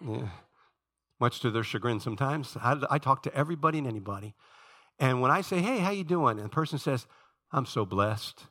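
A middle-aged man preaching a sermon, telling the story with lively energy and dropping low and quiet when he prays. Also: brisk. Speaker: pastor.

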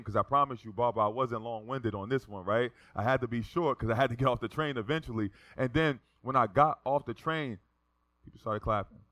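A male pastor preaching a sermon, telling a story with lively delivery and acting out the people in it. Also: mid-range voice, dry recording. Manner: animated, acts out the voices of people in his stories.

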